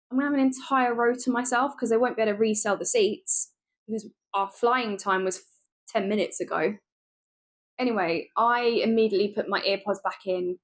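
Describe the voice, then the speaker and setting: Woman, young adult vlogger, lively storyteller, mid-range pitch. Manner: lively, animated retelling with laughs and asides. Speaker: travel vlogger. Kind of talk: chatty storytelling vlog.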